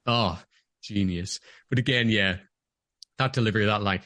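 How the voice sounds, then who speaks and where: A man's voice: lowish voice, normal speed, sharp tone, no echo, clean studio sound. A man co-hosting a podcast, chatting casually and enthusiastically about a movie he loves. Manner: enthusiastic, gushing, acts out quotes. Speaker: podcast co-host. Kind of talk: casual movie review chat.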